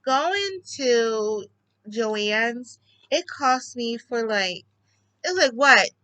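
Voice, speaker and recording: A woman chatting casually at home about her newest craft supplies, gushing excitedly and rambling with restarts. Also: fairly high pitch, drawn-out words, clean tone, no echo, poor audio. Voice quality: bubbly, chatty. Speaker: craft vlogger. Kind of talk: casual chat.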